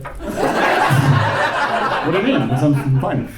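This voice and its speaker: A man doing a stand-up comedy set, self-deprecating, with quick asides and acted-out quoted voices. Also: high-pitched, big pitch swings. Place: comedy club stage before a laughing audience. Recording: echoey live room with crowd noise.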